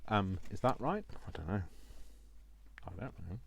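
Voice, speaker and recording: A British crafting vlogger sounds very animated yet speaks a little slowly, his fairly low voice gravelly. He talks casually to himself as he works on his project, often joking at his own expense.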